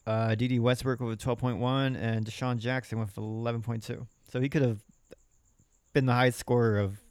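A man co-hosting a casual podcast, running through fantasy football scores in a quick list. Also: mid-range voice, little pitch movement, clean tone, no room sound, clean studio sound. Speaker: podcast co-host.

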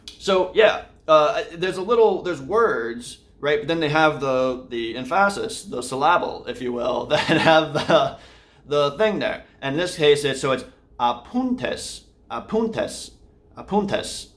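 A man's voice: a little high, a little slow, a bit bright. A man from the Austin, Texas area hosting a casual daily vlog, rambling with many fillers and restarts. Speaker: vlogger and podcast host. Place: home room, indoors.

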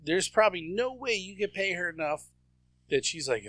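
A man's voice: high voice, expressive, normal speed, fairly bright tone, no room sound. A man co-hosting a casual podcast, telling crude, mocking stories. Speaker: podcast co-host. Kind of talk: casual chat.

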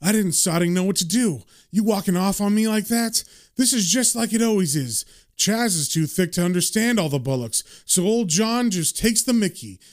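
Brash, foul-mouthed dim mate played by a man, pitched up and shouting. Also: big pitch swings, brisk, hardly any pauses. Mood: outraged. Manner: shouting, swearing. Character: loud, foul-mouthed, dim-witted male friend.

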